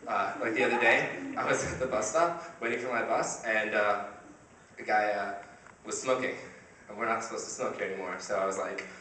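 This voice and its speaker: A young man performs a stand-up comedy set, conversational and constantly checking in with the audience. The sound is picked up from far across a very echoey hall, with steady noise in the room. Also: lowish voice, brisk. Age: young adult. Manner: conversational, asks the crowd "right?" often. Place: university comedy competition stage, audience laughing. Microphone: filmed by a shaky camera from the audience.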